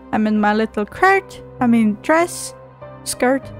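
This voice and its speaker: Woman streamer, slow-talking, slightly high voice, profane, giggly, sassy game commentary, faint music behind. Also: expressive. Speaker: gameplay streamer. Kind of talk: let's play commentary, reading dialogue aloud.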